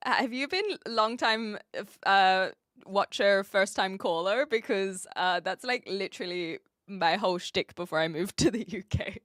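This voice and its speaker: Chatty and relaxed, this New Zealand woman streams live, reading out viewers' messages and responding to each. Her voice is medium-pitched, clean, and a bit bright, recorded in a clean studio with no room sound.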